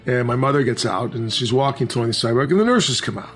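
A man recounting a personal story in an earnest, halting way, with frequent restarts. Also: medium pitch, expressive, a bit bright, soft background music.

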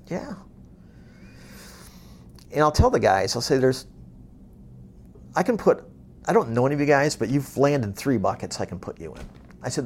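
Gravelly middle-aged guy, blunt motivational talk, lively up-and-down delivery, bit of background hiss. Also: medium pitch, brisk, long pauses. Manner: blunt, plain-spoken, swears for emphasis; lively storytelling, acting out dialogue. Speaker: business executive speaking to staff.

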